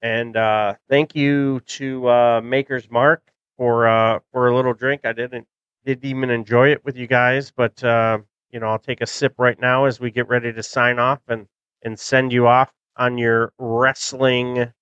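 A man's voice: mid-range voice, little pitch movement, unhurried, a bit bright, clear, resonant tone, no room sound, dull audio. A middle-aged man hosting a podcast in casual chat, rambling and nostalgic with many fillers, close to the mic. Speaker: podcast host.

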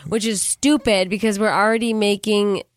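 Chatty woman with a smooth voice. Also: medium pitch, fairly even intonation, normal speed, no room sound. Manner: chatty, retells scenes with quoted voices. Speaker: podcast co-host. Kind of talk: casual chat recapping a movie.

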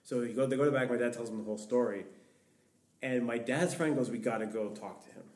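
A man's voice: mid-range voice, fast, a little mellow. Man telling a story in an echoey room. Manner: rambling, heavy use of "like". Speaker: podcast guest. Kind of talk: storytelling in casual conversation. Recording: echoey room, distant mic.

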